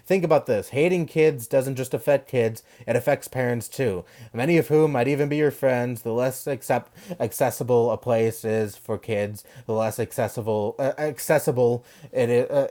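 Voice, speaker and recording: Young male commentator of middling pitch, rambling, defensive, full of fillers and restarts. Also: a little mellow. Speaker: video commentator. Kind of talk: casual commentary reading and responding to an article.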